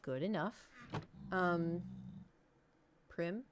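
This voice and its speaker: A woman's voice: on the low side, drawn-out words, noisy background. A young adult woman chatting casually on a gaming stream, rambling to chat and her pet.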